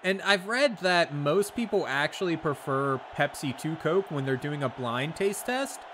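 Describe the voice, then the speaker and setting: A man's voice: on the high side, expressive, a little slow, a bit bright, slight background noise. A man streaming a video game, chatting casually with viewers, laid-back and profane, laughing often. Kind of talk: casual chat while gaming.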